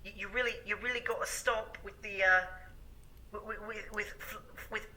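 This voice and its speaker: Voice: mid-range voice, fairly even intonation, normal speed, bright, forceful tone, pitched above the performer's own voice. A speaker mimicking a pompous male internet pundit who lectures and stammers. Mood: preachy. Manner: stammering, preachy.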